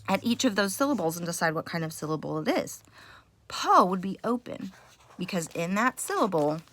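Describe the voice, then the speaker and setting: A woman's voice: lowish voice, bright, forceful tone, slight background noise. A woman teacher recording a mini reading lesson at home for parents and kids, explaining step by step in a patient way with frequent fillers.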